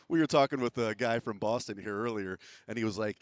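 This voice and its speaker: A man's voice: mid-range voice, normal speed, dry recording. A man hosting a sports radio show in casual chat, rambling with many fillers and restarts. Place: radio row at a big sports event.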